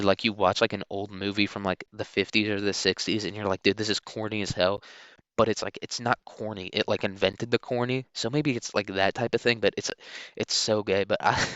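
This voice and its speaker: A young man hosting a solo podcast, rambling crudely and filling every pause with dude and like. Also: fairly low pitch, a bit bright, clear, resonant tone, no room sound, muffled recording. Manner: rambling, crude, filler-heavy, keeps saying dude. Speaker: podcast host.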